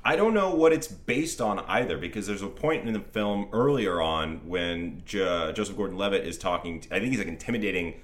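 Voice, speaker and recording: Male podcast co-host, lowish voice, dry wry casual movie chat. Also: lively intonation, a little fast, few pauses. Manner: dry, wry, agreeable, mocking asides.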